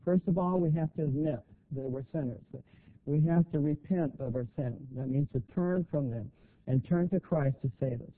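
An older man preaching an earnest, plain-spoken sermon to a congregation, with halting restarts. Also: on the high side. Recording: tinny phone-like audio.

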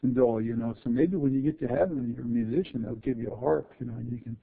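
Prédicateur fervent, son de téléphone. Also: male voice, mid-range voice, quick pace, creaky. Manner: emphatic, swings between hushed and fervent. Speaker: preacher. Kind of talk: expository sermon. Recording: tinny phone-like sound.

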